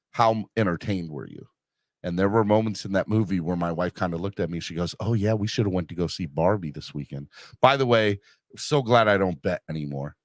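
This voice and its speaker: Low-voiced and recorded cleanly in a studio with no room sound, a middle-aged man hosts a podcast. His chat over the live comments is rambling and self-mocking, packed with fillers and restarts.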